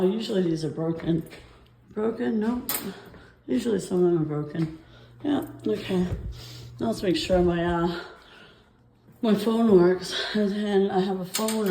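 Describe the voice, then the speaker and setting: A woman's voice: lowish voice, mellow, reverberant, a little hiss or hum, rough recording. Rambling breathless woman with nervous laughs. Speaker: vlogger filming her apartment complaints. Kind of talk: casual walking vlog.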